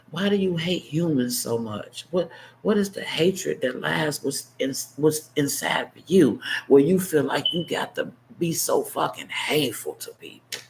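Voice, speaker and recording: A man in his fifties delivering an unscripted, emotional monologue as a vlogger, blunt and impassioned, swinging between heated outbursts and hushed, choked-up asides. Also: on the high side, gravelly, slight background noise, poor audio. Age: 50s.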